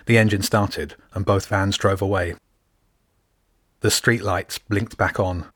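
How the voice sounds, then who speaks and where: Guy reading a kids fantasy story, lowish voice, dry close mic, little voice tweaks for each character. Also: level tone, normal speed, a bit bright, slightly rough, dry recording. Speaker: audiobook narrator. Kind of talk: scripted narration.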